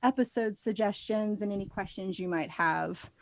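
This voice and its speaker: A woman's voice: mid-range voice, normal speed, dry recording. A woman from Florida co-hosting a casual podcast, chatty and upbeat, with frequent laughter. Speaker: podcast co-host. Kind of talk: casual chat.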